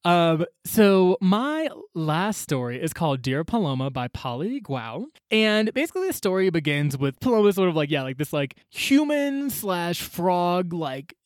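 A man's voice: sits high, sing-song, measured pace, hardly any pauses, no room sound, clean studio sound. A young man co-hosting a casual book chat, slangy and profane, full of "like" fillers. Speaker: co-host.

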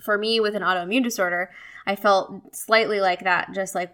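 A woman's voice: mid-range voice, steady tone, normal speed, a bit bright. A woman in her thirties hosting a solo wellness podcast, chatty and candid, often laughing and acting out inner voices. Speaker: podcast host and wellness coach.

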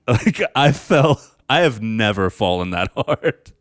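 A man co-hosting a podcast in casual chat, telling his story with an animated delivery and frequent laughter. His voice sits a little low and sounds smooth and clear. The sound is close and dry, with no room around it. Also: slow, no echo. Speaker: podcast co-host.

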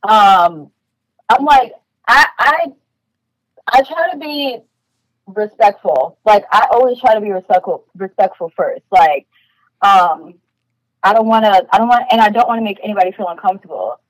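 A woman from New York chats as a podcast guest, blunt and animated, her stories packed with "like" fillers. Her voice sits at an ordinary middle pitch. The sound is dry and close, with no room around it. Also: moderate pace, no room sound, rough recording. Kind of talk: casual chat.

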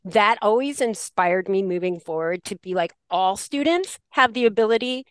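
A woman's voice: mid-range voice, expressive, normal speed, smooth, no echo. A woman teacher telling a classroom story in a podcast conversation, acting out the lines she quotes and laughing often. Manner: laughs often while talking. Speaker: special education teacher.

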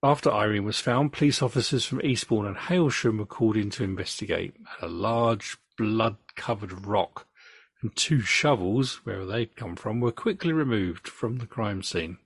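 An English man hosting a podcast, reading case notes in a true crime story with relaxed asides. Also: lowish voice, moderate pace, slightly rough, no echo.

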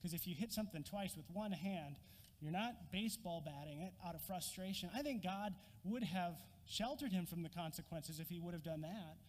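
A man preaching a sermon, an animated storyteller who acts out scenes with a prop. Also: high-pitched, normal speed, long reverb tail. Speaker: pastor.

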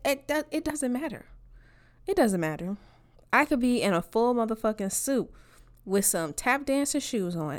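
A woman in a blunt, profane rant to her viewers, driving each point home with a repeated "all right?". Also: mid-range voice. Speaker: online commentator. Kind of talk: ranting monologue to camera.

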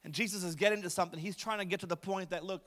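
Man, pastor, high voice, chatty preaching with humor, echoing hall. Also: steady tone, very fast, fairly bright tone. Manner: conversational storytelling with light humor. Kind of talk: sermon.

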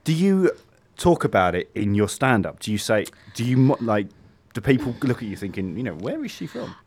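A man's voice: lowish voice, lively intonation, brisk, darkish tone. A man hosting a community radio chat show, joking playfully with his guests. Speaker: radio host.

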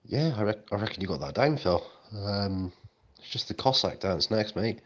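Very deep, deadpan co-host with a slightly muffled sound. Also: male voice, moderate pace. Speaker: podcast co-host. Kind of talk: comedic banter.

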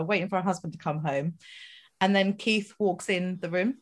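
A woman's voice: medium pitch, animated, a little slow. A woman hosting a podcast, telling a rambling anecdote in casual chat with fillers and asides. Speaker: podcast host.

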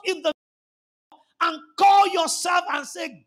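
A Nigerian-accented male pastor with a strikingly high voice delivers a fervent sermon. He shouts his key lines and repeats phrases for emphasis. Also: very animated, moderate pace.

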